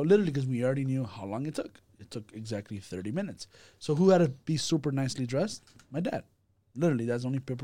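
A man leading a casual church group discussion, telling a story with quick restarts and repeated words. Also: medium pitch, mellow.

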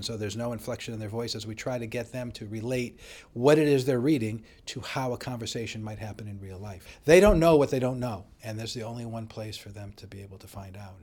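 A man working as a high school principal, answering interview questions in an emphatic, animated way.

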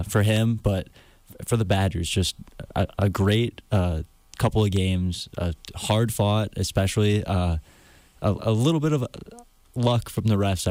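A man's voice: deep voice, darkish tone, no echo. A young man co-hosting a casual sports chat, hesitant and full of filler words. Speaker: co-host.

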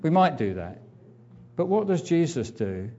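A man's voice: fairly high pitch, big pitch swings, measured pace, dark tone, muffled recording. A man preaching a sermon in a conversational way, with fillers and asides.

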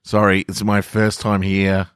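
A man's voice: low-pitched, completely flat delivery, measured pace, clear, resonant tone, no echo, voice pushed up. Guy putting on a jittery rambling young wizard, eager, keeps saying sorry, bone-dry sound. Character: nervous chatty young male apprentice wizard.

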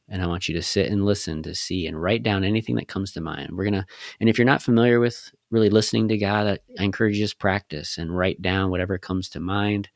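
Guy with a low voice on a faith podcast, earnest coaching tone, dry close sound. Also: dry recording. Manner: earnest, coaching, gives step-by-step instructions. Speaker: podcast co-host. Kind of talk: faith-based podcast teaching.

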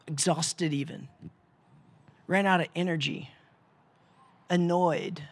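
A male preacher delivering a sermon, posing rhetorical questions with dramatic pauses and sometimes dropping to a hushed voice. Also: high voice.

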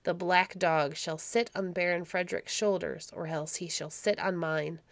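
A woman reading aloud, voicing a wounded, vengeful medieval baron with a rough, vehement manner. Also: on the low side, fairly even intonation, moderate pace, no echo, lightly acted.

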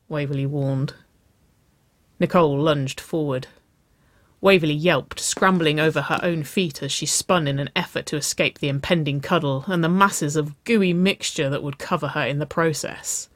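A woman narrating a story aloud at a slow, steady pace. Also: sits low, dry recording, studio quality.

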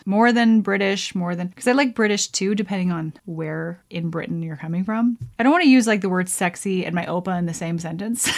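A young woman from Canada hosting a casual solo podcast, chatty and giggly, laughing at herself as she talks. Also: mid-range voice. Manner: chatty, giggly, self-deprecating. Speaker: podcast host.

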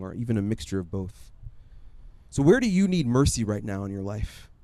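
A man preaching a sermon in a conversational, animated storytelling way, often acting out his own asides. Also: medium pitch, no echo. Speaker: pastor.

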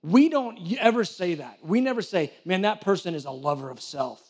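A man's voice: high-pitched, animated, fairly quick, a little mellow. A man preaching a sermon in a conversational way, acting out little back-and-forth dialogues and often restarting his sentences. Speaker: church director preaching.

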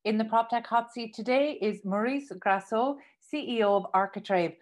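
A woman with an Irish accent hosting a radio interview, asking questions in a bubbly, animated way. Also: fairly high pitch, moderate pace. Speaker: radio show host. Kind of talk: podcast interview.

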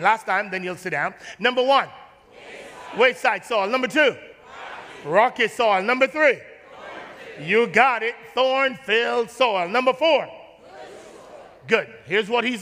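High-voiced, bright Jamaican-born preacher in a hall. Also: male voice, a little hiss or hum. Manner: animated preaching, repeats words, calls on the congregation; casual, folksy phrasing. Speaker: pastor. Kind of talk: sermon. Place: church sanctuary. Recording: long reverb of a large hall.

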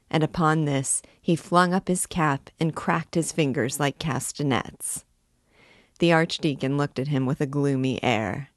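Low-voiced woman reading a novel aloud. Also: no room sound, studio quality. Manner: measured, unhurried narration. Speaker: reader. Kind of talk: audiobook reading of a classic novel.

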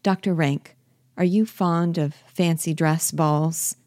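A woman reading the part of Nora, a lively and anxious young wife in a stage play, quick and coaxing in her speech. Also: low-pitched, no echo, clean studio sound. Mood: playful.

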